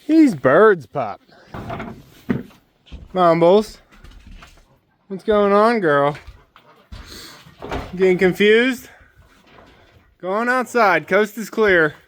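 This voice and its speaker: A man's voice: sits high, slow, long pauses, fairly bright tone, slight background noise. A man hosting a homestead vlog, coaxing his birds and dog along in a sing-song way and then explaining his farm chores plainly. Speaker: homesteader and channel host. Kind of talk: casual homestead vlog with talk to animals and explanations.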